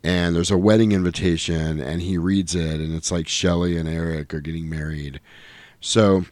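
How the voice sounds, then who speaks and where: Casually rambling through a movie recap, a middle-aged podcast co-host acts out lines from the film in different voices. He has a low, darkish voice with fairly even intonation and normal speed, and there's no room sound.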